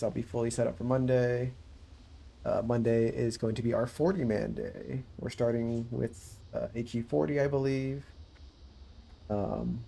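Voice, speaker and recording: Male streamer, gravelly low-key voice, relaxed, rambling gaming chat. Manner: laid-back, chuckles often, rambling with fillers. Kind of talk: casual livestream chat while gaming.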